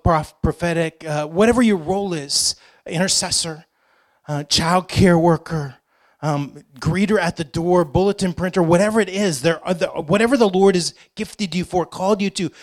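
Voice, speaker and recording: A man preaching with a fairly high, light voice. He talks to his congregation casually and throws in joking asides. He drives his points home by repeating short phrases. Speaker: pastor. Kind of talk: sermon.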